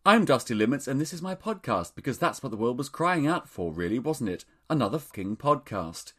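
Man, podcast host, camp, theatrical, lively pitch, studio mic. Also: fairly quick, husky. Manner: camp, theatrical and self-mocking. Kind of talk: casual chat. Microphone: studio microphone.

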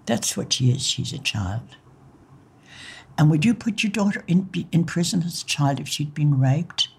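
A woman's voice: low-pitched, moderate pace, breathy edge. An older woman with an Irish accent, recounting memories in an interview, acting out old conversations and laughing now and then. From Ireland. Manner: lively storyteller who acts out quoted dialogue and laughs.

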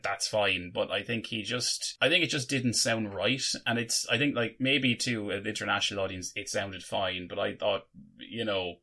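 A man's voice: lowish voice, moderate pace, pushed and bright. A young man co-hosting a podcast, chatting casually and rambling with many restarts. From Ireland. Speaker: podcast co-host. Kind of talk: casual chat.

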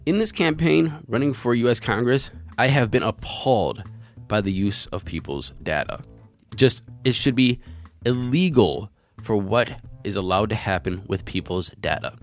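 A man's voice: on the low side, lively intonation, moderate pace, soft background music. A man hosting a crypto news show, reading out articles and giving his opinion in a conversational, earnest way.

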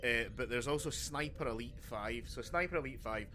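A man chats on a podcast, restarting sentences and drifting into tangents. His voice is bright and forward. He swears casually as he talks. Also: medium pitch, normal speed, a little hiss or hum. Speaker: podcast co-host. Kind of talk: casual chat.

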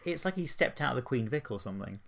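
A man's voice: medium pitch, very animated, quick pace, vocal fry, fairly bright tone. A man co-hosting a podcast, giving wry, opinionated commentary on a TV series. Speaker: podcast co-host. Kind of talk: casual discussion of a TV series.

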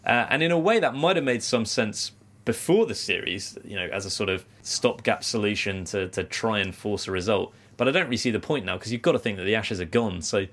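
A man co-hosting a cricket podcast, talking through the game in a measured, analytical way with some hedging. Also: fairly low pitch, animated, a bit bright. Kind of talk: casual cricket discussion.

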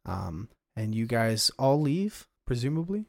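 A man's voice: mid-range voice, very animated, a little slow, gravelly, a little mellow, no room sound. Man narrating as game master, dry sound. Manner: casual, chatty narration.

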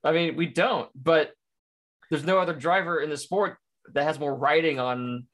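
A man's voice: a little high, moderate pace, a bit bright. A man co-hosting a casual podcast chat, talking with lots of fillers, restarts and hesitant starts. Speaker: podcast co-host. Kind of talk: casual chat about motor racing.

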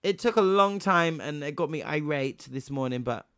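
A man's voice: fairly high pitch, animated, normal speed, fairly bright tone, clear, resonant tone, dry recording, studio quality. A young man telling a story in casual chat, swearing freely and acting out both sides of a phone call.

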